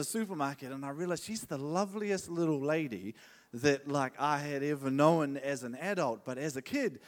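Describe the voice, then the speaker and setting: A man's voice: a little high, normal speed. A man preaching a casual, joking sermon in a church, chatting with and hyping up the congregation. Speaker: pastor. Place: church hall.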